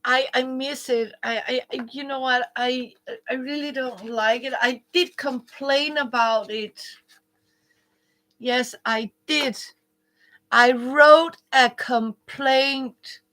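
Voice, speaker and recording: A woman hosting a casual home craft livestream, chatting with viewers in a rambling way with many restarts and soft whispered asides. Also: high voice, steady tone, takes it slowly. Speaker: quilting livestream host. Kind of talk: casual live chat with viewers. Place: indoors at home, living room.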